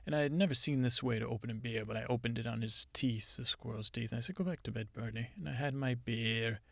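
A man playing a rambling, self-important female Mother Nature spirit in an improvised comedy monologue, telling stories in a halting, deadpan way. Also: mid-range voice, gravelly, no echo, studio quality.

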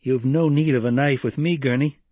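Brief: hard young commander, calm and level, male audiobook narrator's husky tone, dry close sound. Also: medium pitch, fairly quick, no room sound, voice pushed up, lightly acted. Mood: commanding. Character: young man, hardened desert leader, cool and commanding.

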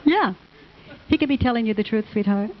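A woman teaching a live audience, answering questions in a gentle, affectionate manner and calling people honey. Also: a little high, animated, a little fast, very noisy. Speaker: self-inquiry teacher. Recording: dull lo-fi sound.

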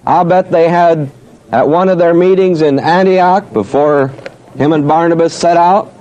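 Man, Bible teacher, slow deliberate delivery, mellow tone, reads scripture in drawn-out cadence. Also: a little high, poor audio. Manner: slow, deliberate, questioning and answering himself. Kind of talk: Bible study lecture.

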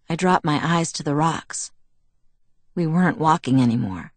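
Audiobook narrator, woman, first person, measured and reflective, lowish voice, dry studio read. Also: no room sound.

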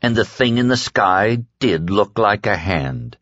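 A man reading an audiobook with deliberate, dramatic storytelling. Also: on the low side, lively intonation, a bit bright, no room sound, highs cut off. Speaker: audiobook narrator. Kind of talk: scripted narration.

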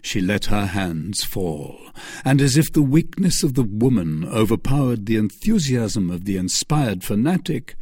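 A man narrating a classic novel as an audiobook, in a measured, expressive reading. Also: fairly low pitch, husky, dry recording, clean studio sound. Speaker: audiobook reader.

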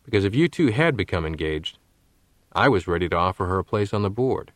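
A shrewd male bank executive speaks in a low, measured voice, careful with every word, as the narrator reads him. He sounds guarded and controlled. The reading is dry and close. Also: animated, no room sound.

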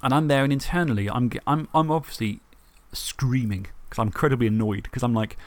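A man on a podcast, telling the story of a tabletop game match in a lively way, swearing and acting out his own thoughts. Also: medium pitch, quick pace, few pauses. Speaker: podcast co-host. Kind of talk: casual tabletop game recap.

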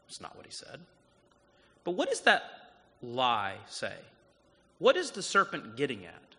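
A male guest pastor giving a sermon, telling stories and swinging from loud urgent passages to soft quiet ones. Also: mid-range voice, sing-song, normal speed. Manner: storytelling, rising to loud urgent passages then dropping soft. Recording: long hall reverb.

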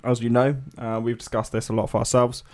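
Speaking a little fast in a monotone, this mid-range male voice has a darkish quality. He's one of the co-hosts on a casual music podcast, wandering off track and padding his talk with fillers and hedges.

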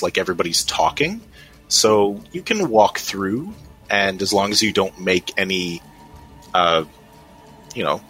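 A man narrates a tabletop game as its game master. His voice is low and bright, and he hesitates with many fillers. Faint music plays underneath.

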